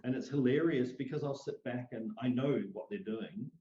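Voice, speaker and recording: A man's voice: medium pitch, normal speed. Man telling stories in a roomy, muffled recording. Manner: animated, acts out quoted voices. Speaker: interview guest, psychic medium. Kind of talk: storytelling in a conversational interview. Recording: roomy, dull lo-fi sound.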